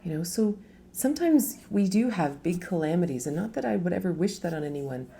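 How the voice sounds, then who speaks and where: A woman's voice: on the low side, expressive, fairly quick, vocal fry, dark tone, slight background noise. A middle-aged woman giving a casual live talk as a spiritual teacher, chatty, laughing often and asking rhetorical questions.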